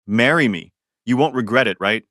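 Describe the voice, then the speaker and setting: A man's voice: medium pitch, animated, moderate pace, fairly bright tone, no echo, studio quality, close to an everyday voice. Man voicing a confident, teasing young bride. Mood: composed.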